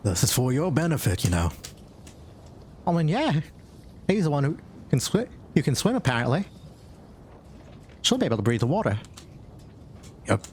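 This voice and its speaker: A man's voice: fairly high pitch, sing-song, normal speed, pauses often, a little mellow, a little hiss or hum, pitched above the performer's own voice. A man voicing a fussy male bunny technician with a put-on accent, chatty and puzzled as he mutters to himself.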